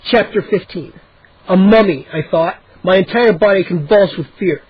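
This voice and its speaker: A man's voice: high voice, moderate pace, breathy edge, dry recording, highs cut off. A man reading a children's horror story aloud with dramatic, tense narration.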